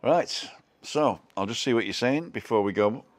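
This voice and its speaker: A man's voice: mid-range voice, animated, moderate pace. A man hosting a casual live stream, chatting in a self-deprecating way and reading out viewer comments from home.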